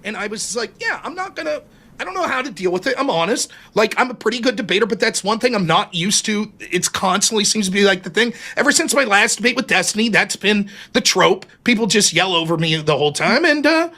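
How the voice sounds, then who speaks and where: A man's voice: high voice, animated, fast, few pauses, sharp tone. A man arguing in a heated online debate from his home streaming setup, defensive and profane, stumbling and restarting as he pushes his case. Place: home streaming setup under bright lights.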